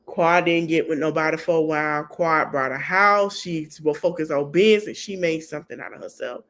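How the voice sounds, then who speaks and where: A woman's voice: low-pitched, fairly quick. Sassy woman podcast host dishing gossip. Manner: sassy, animated gossip, breaks into laughter. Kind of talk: casual reality TV recap.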